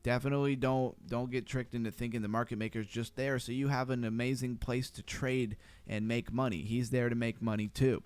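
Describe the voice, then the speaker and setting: Fast-talking man streaming crypto charts. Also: medium pitch, steady tone, a little mellow, smooth, no echo. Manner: fast-talking, easily sidetracked, chatty. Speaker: crypto livestream host. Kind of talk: casual livestream chart analysis.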